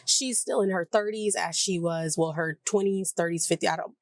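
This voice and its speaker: A woman's voice: lowish voice, normal speed, no room sound. A woman with a Southern US accent casually recapping a TV episode, rambling and chatty with lots of "like". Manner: rambling, chatty, heavy use of "like", acts out characters' lines. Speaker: TV review vlogger.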